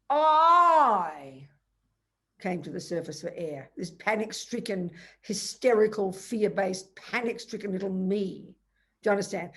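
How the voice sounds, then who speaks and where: An older woman teaching Buddhism to a retreat audience, telling a story with lively, emphatic asides. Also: medium pitch. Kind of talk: dharma talk to a retreat audience.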